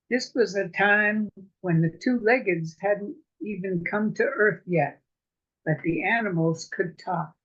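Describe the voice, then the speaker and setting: A woman's voice: medium pitch, fairly bright tone. Woman storyteller on dull call audio. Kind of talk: oral animal tale telling. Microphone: video call.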